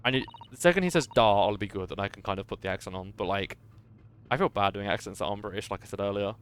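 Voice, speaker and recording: A man's voice: lowish voice, racing, smooth. A man streaming a game, chatting casually and poking fun at himself. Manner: self-mocking, chatty.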